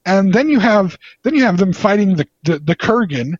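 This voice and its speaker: A man's voice: sits high, animated, moderate pace, no echo. A man chatting casually about movies, enthusiastic and rambling, with playful teasing. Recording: slightly dull lo-fi sound.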